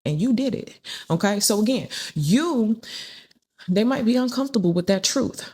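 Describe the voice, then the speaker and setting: A husky, mellow, mid-range voice carries this woman's expressive, normal-paced delivery. Giving a casual spiritual tarot reading, she's chatty, repeats lines, and impersonates the people she describes.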